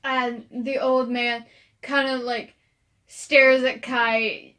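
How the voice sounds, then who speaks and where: High bright-voiced woman game master. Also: little pitch movement, extremely slow. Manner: playful, switches into character voices. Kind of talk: narrating a tabletop game.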